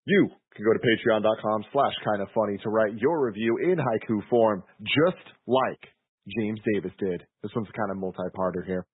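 Excitable man with a husky voice. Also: lowish voice, moderate pace, dry recording. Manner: excitable, swears casually, reads listener reviews. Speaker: podcast host. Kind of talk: casual chat. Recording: tinny phone-like audio.

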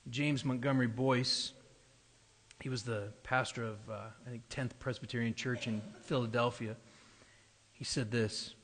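A pastor preaching a sermon, explaining scripture in an earnest, steady way. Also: male voice, medium pitch, measured pace, slightly rough. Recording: long reverb of a large hall.

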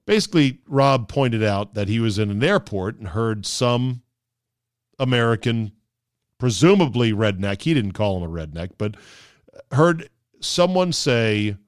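A man's voice: medium pitch, lively intonation, normal speed, clear, resonant tone, dry recording, clean studio sound. A man hosting a podcast, delivering a sarcastic casual monologue and slipping into mocking voices. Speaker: podcast host.

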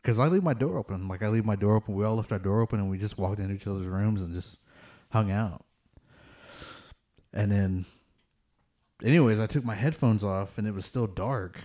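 This man speaks fairly low and a bit quickly, with a dark tone and frequent pauses. He's casually recounting ghost encounters, rambling through plenty of fillers and letting out nervous laughs whenever the story gets tense.

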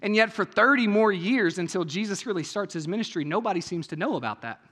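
A man preaching a sermon in a church, talking conversationally, asking many rhetorical questions and moving between hushed, intimate passages and raised, emphatic ones. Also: high-pitched, animated, quick pace, husky, in a large hall. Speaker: pastor. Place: church sanctuary.

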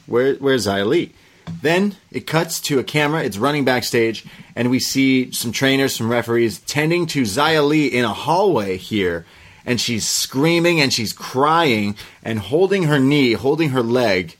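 A man's voice: medium pitch, lively intonation, a little slow, a bit bright. A young man co-hosting a casual wrestling review podcast, joking and animatedly retelling events. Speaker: podcast co-host.

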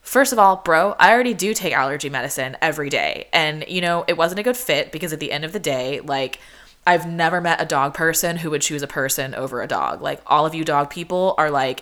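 A woman's voice: sits low, a little fast, a bit bright. A young woman hosting a podcast, talking casually and chattily with lots of "like", acting out what people said. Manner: chatty, peppered with "like", acts out quotes. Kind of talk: casual chat.

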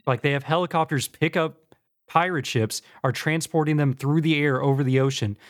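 A man's voice: on the high side, fairly even intonation, brisk. Easygoing man hosting a podcast. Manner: easygoing storyteller, runs the segments. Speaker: podcast host. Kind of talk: casual chat.

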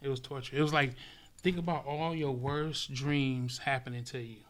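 A man's voice: mid-range voice, steady tone, moderate pace. A man from Los Angeles, a guest in a casual interview, telling his story vividly and profanely and acting it out with sound effects.

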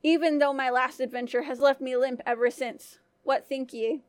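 A woman's voice: high voice, steady tone, moderate pace, dry recording, natural voice. A woman voicing a bold, cunning male thief in a folk tale, speaking as a confident storyteller.

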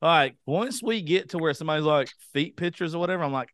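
A man's voice: fairly high pitch, lively intonation, brisk, few pauses, fairly bright tone, no room sound, studio quality. A man co-hosting a podcast, joking crudely and often putting on mocking voices. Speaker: podcast co-host. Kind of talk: crude comedic banter.

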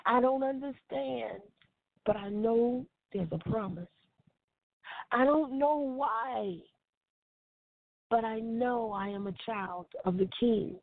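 A woman's voice: on the high side, slow, gravelly, long pauses, dry recording. A woman preaching a devotional sermon in an earnest, repeating cadence. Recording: tinny phone-line sound, dry.

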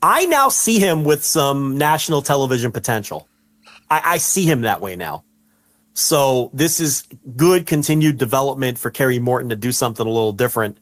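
A man co-hosting a casual wrestling podcast, telling stories with animation and shouting out the lines he quotes. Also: medium pitch, expressive, moderate pace. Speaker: podcast co-host.

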